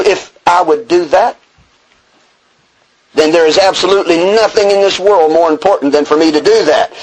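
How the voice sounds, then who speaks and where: A Texan man with a high-pitched voice, captured in poor audio, addresses a group in a meeting room at a recovery meeting. He preaches earnestly, reading a passage and explaining it, mixing in self-deprecating humor and chuckles.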